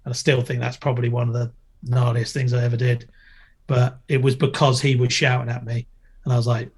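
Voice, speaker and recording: A man's voice: mid-range voice, completely flat delivery, fairly quick, slightly rough. A middle-aged man in a casual podcast chat, telling stories with a joking, playful manner. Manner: jokey, storytelling, loud impressions when quoting. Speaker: guest, former TV presenter and skater.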